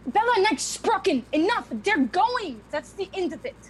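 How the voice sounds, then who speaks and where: A woman's voice: high-pitched, animated, a little slow, a little mellow, a little hiss or hum, low-quality recording. An actress playing a stern, bitter old grandmother who speaks in curt, hard sentences. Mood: sharp. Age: older. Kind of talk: film drama acting.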